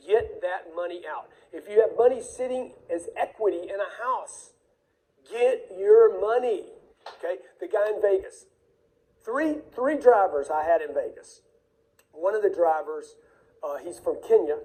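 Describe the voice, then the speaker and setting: A man's voice: high-pitched, warm tone, rough recording. A man giving a motivational talk about money in a blunt, emphatic way, repeating his warnings and acting out conversations. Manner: acts out dialogue in quoted voices. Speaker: speaker on wealth.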